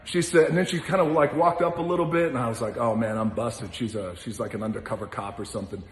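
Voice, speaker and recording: A man spins a casual, expressive anecdote, acting out the other people in it and swearing freely. His voice sits at an ordinary middle pitch. It rings through a large room with a long, trailing reverb. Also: fast. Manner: lively storyteller who acts out other people's lines and swears freely. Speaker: guest telling a story. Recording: roomy hall with long reverb.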